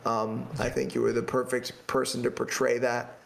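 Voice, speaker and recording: Gravelly laid-back podcast co-host. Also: male voice, medium pitch, little pitch movement, normal speed. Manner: hesitant, searching for words, laid-back. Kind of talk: casual chat.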